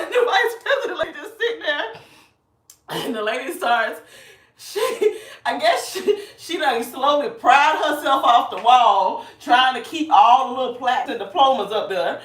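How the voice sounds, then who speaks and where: A woman in her thirties telling a story in a casual vlog, animated and laughing often while she talks. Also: high-pitched, normal speed. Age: 30s. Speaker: vlogger. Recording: roomy sound from a distance.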